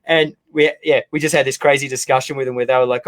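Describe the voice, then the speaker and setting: Man telling a lively story, dry sound. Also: fairly high pitch, fast talker, no room sound. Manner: animated anecdote-telling. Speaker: podcast host. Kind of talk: casual interview chat.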